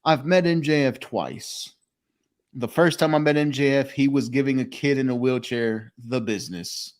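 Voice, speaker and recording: A man hosting a loose, casual podcast at an ordinary mid-range pitch. He talks in a relaxed storytelling way, swears freely and laughs often. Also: normal speed. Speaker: podcast host. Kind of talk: casual chat. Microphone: phone call.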